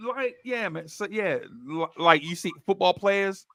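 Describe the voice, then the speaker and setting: Animated guy hosting a chat show, voice sits a bit high, dead dry mic. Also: measured pace, no echo. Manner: animated storytelling, laughs easily. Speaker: podcast host. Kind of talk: casual chat.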